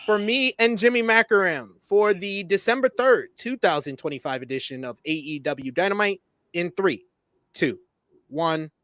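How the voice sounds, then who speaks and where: A man co-hosting a casual wrestling review chat, animated and laughing as he tells stories. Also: sits high, moderate pace, hardly any pauses, no room sound, studio quality. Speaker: co-host of wrestling review show.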